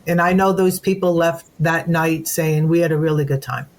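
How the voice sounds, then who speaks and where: A woman's voice: sits low, fairly even intonation, normal speed. A woman who runs paranormal events, telling a story in long run-on sentences in a casual chat. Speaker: event host, paranormal investigator.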